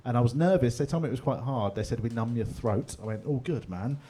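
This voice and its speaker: A man's voice: medium pitch, fast, mellow, a little hiss or hum. A man doing a stand-up set in a pub comedy room, talking in a chatty, storytelling way with laughing asides.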